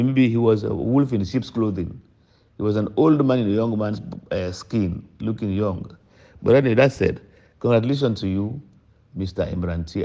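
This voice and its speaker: A man's voice: vocal fry, dark tone. An older man from Sierra Leone with a Sierra Leonean accent, a politician giving an emphatic public address that mixes English and Krio. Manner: emphatic, repeats points with sudden pitch jumps. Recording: dull lo-fi recording.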